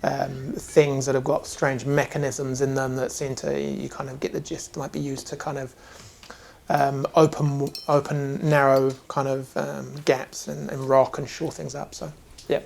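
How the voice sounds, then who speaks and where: A man with a gravelly, creaky voice runs a tabletop game as game master. He narrates in a loose, hesitant way, with many ums and kind-ofs, at a middling pitch. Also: monotone, unhurried, a little mellow, slight background noise.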